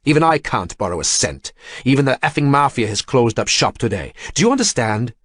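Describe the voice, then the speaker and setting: A man's voice: medium pitch, big pitch swings, moderate pace. A man reading an audiobook, voicing a powerful older industrialist who growls angrily over a phone line. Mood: furious. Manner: growling, blunt, swearing.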